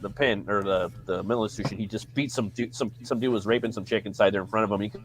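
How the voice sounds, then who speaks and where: A man's voice: lowish voice, fairly even intonation, fast. A man co-hosting a casual movie podcast, telling stories in a rambling, profane way. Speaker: podcast co-host. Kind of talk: casual chat.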